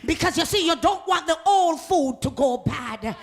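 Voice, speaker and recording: A woman preaching a sermon with fervor, laughing often and swinging from talk into shouts as she calls on the congregation. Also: sits high, lively intonation, moderate pace.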